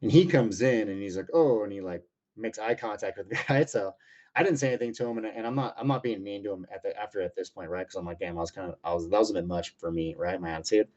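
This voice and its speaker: Brief: man in his thirties, low-voiced, rapid, profane storyteller, rambling with fillers. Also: darkish tone. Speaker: UFC lightweight fighter, interview guest. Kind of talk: casual storytelling interview. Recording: muffled lo-fi audio.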